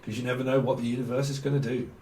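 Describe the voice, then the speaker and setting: A man's voice: medium pitch, level tone, racing, dark tone. Blunt slangy man. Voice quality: swears freely, laughs often, slangy. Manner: blunt, rambling, teasing. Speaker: tarot reader. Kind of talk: casual monologue to viewers. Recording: echoey room with faint ambient noise.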